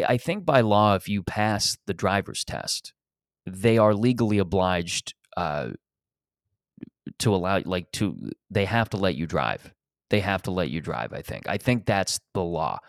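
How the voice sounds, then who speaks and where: A man's voice: fairly low pitch, expressive, unhurried, dry recording, studio quality. A man hosting a podcast, riffing in a rambling, profane, sarcastic comedic monologue. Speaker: podcast host.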